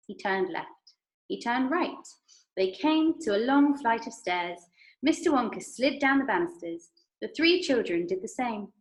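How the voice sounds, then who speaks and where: An English woman reads a story aloud to her young class, expressive and animated. Her pitch moves freely, and the room echoes around her. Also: a little slow. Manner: lively, expressive. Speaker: primary school teacher. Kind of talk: reading a story aloud to children.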